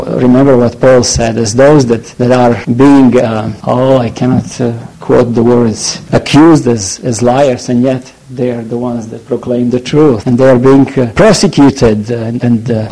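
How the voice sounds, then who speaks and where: Mellow-voiced man preaching haltingly. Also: medium pitch, poor audio. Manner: halting, searching for words, earnest. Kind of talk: sermon.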